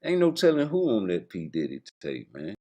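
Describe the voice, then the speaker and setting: A man's voice: low-pitched, huge pitch swings, normal speed, mellow. A man telling a crude, slangy comedic skit story, laughing often as he goes. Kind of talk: improvised comedic skit rant.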